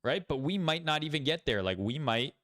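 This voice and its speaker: Blunt, profane trading host. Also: male voice, on the high side, animated, brisk, fairly bright tone. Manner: blunt, profane, thinks aloud with many fillers. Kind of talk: casual livestream market commentary.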